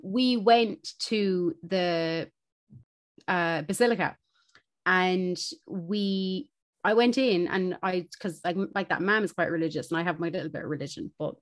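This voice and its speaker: A young Irish woman, a podcast co-host, telling a story in casual chat, animated and swearing, laughing as she goes. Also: fairly low pitch, measured pace.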